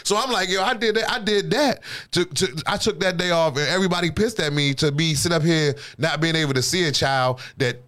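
A man's voice: on the high side, fast, hardly any pauses, a bit bright. A man in his thirties, a podcast host, chatting casually and with a lot of swearing as he tells a rambling personal story. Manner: rambling storyteller, often asks "you know what I'm saying". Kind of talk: casual profane chat.

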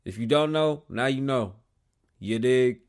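Profane, animated man hosting a podcast. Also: mid-range voice, unhurried. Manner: profane, animated storytelling with loud outbursts. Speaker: podcast host. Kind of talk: casual solo podcast talk. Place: small home studio.

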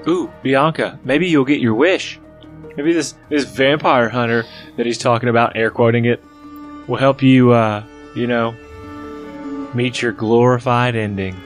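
A man's voice: mid-range voice, fairly even intonation, measured pace, soft background music. A man playing in a tabletop role-play game, speaking in a teasing, playful way.

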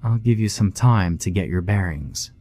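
A man's voice: low-pitched, expressive, moderate pace, mellow. A man doing a cooing, kindly middle-aged woman. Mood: gentle reassuring. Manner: cooing and reassuring.

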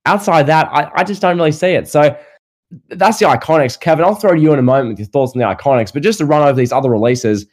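A man's voice: a little high, quick pace. An Australian man hosting a casual wrestling podcast, firing off rhetorical questions with a sarcastic edge. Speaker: podcast host.

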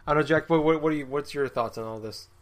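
A man's voice: fairly high pitch, quick pace. Rambling young-sounding man chatting about games. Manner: rambling with many fillers. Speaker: podcast host. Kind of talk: casual gaming chat.

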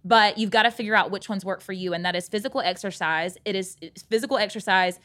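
A woman's voice: medium pitch, quick pace, a bit bright. A woman co-hosting a podcast, introducing a guest and talking in an encouraging, chatty way. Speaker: podcast co-host. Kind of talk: casual podcast conversation.

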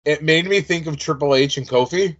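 A man's voice: on the high side, fairly quick, fairly bright tone. A man co-hosting a podcast, chatting casually and telling long side stories. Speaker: podcast co-host. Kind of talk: casual chat. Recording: dull lo-fi sound.

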